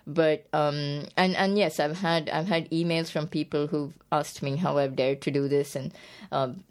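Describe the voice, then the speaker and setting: This poet and author, a guest discussing her book, sounds thoughtful yet hesitant, restarting often, using lots of fillers, and laughing readily. She speaks unhurriedly in a low-pitched voice with fairly even intonation.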